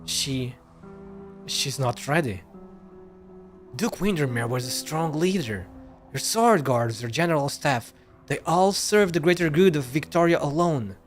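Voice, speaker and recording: A man's voice: on the high side, animated, a little slow, soft background music. A male streamer reading game dialogue aloud, stumbling over words and correcting himself as he goes.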